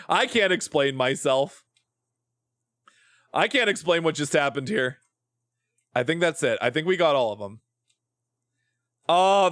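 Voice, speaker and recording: A man's voice: on the high side, a bit bright, no room sound, studio quality. A man streaming a game, chatting casually in a playful, rambling way and swearing often. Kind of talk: casual gameplay chat.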